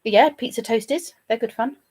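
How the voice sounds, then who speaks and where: A woman's voice: a little high, moderate pace, a little mellow, breathy edge. Woman, British accent, casual live stream chat, playful, chatty host. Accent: British English. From England. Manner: chatty and playful, talking to viewers.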